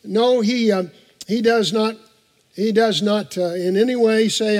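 A man's voice: high-pitched, fairly even intonation, unhurried, darkish tone. A male pastor preaching a morning sermon in a church, earnest and emphatic, repeating key phrases and turning aside to talk casually with the congregation. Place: church sanctuary. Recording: long reverb of a large church hall.

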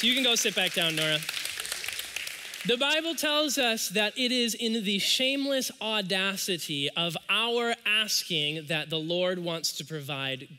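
A man with a high, very bright and forceful voice preaches a sermon in a church. He tells stories in a casual, conversational way, then slows right down on the key points. The long reverb of a large hall carries behind him. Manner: conversational storytelling preaching with dramatic slowdowns. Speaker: pastor.

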